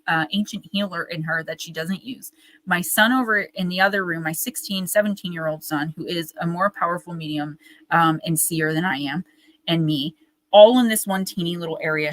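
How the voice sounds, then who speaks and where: Bright-voiced woman telling animated stories. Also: lowish voice, poor audio. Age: 40s. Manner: animated, fast storytelling with many fillers. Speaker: guest medium and author. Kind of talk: casual storytelling interview.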